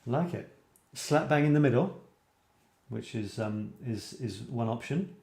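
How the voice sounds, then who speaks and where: A man chats casually on a live stream, musing aloud over viewer comments with plenty of ums and restarts. His voice is mellow and dark, and the recording has a roomy echo. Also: mid-range voice, measured pace, creaky. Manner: chatty, musing aloud, frequent fillers and restarts. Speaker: host of a photography live stream.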